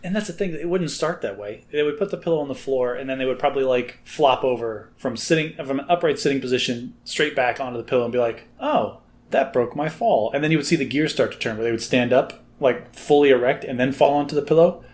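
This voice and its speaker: A man's voice: mid-range voice, fast talker, hardly any pauses, darkish tone. Teasing, jokey man co-hosting a podcast. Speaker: podcast co-host. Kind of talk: casual chat.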